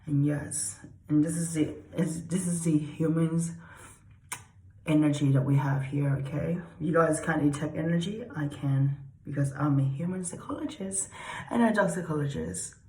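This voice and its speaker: A woman's voice: low voice, moderate pace, darkish tone, slight background noise. A woman giving an unedited, casual explainer talk as a self-styled dog and human psychologist, rambling and repeating herself and swearing for emphasis. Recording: roomy echo.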